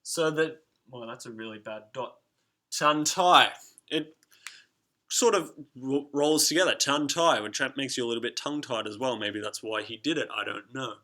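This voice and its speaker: A man teaching a recorded lesson to his students, lively and encouraging, who chants rhythms aloud as he explains. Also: medium pitch, fairly quick.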